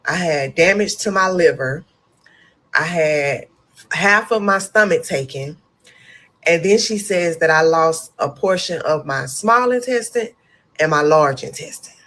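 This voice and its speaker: A young woman with a somewhat low voice tells her own story straight to the camera. She speaks candidly and acts out the lines she once said. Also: measured pace. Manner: candid, animated storytelling with vivid retelling. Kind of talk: storytime monologue.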